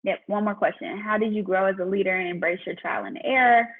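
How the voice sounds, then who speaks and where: A woman's voice: mid-range voice, steady tone, quick pace. A woman entrepreneur talking casually and with faith to her viewers during a livestream Q&A, answering questions as they come in. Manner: chatty and faith-driven, talking straight to viewers. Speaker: entrepreneur and business mentor. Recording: tinny phone-like livestream audio.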